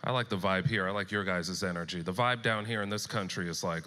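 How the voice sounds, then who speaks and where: A man from San Diego performing an animated stand-up comedy set, acting out quotes as he tells stories. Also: mid-range voice, fast, few pauses. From San Diego, California. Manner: animated, punchy storytelling with acted-out quotes. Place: stage at a live comedy show. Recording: live venue with long reverb, faint noise.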